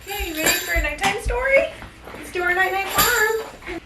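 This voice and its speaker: A woman's voice: very high voice, lively intonation, moderate pace, heavy background noise. A woman vlogging at home and reading a bedtime story to her baby, playful and sing-song with animal sounds. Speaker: vlogger, mother.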